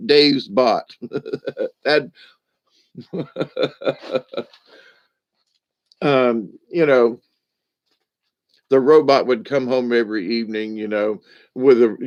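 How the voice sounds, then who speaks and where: A man's voice: fairly low pitch, vocal fry, no echo. An older man rambling through a casual monologue, joking and laughing often as he talks. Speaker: spiritual vlogger. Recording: dull lo-fi, dry.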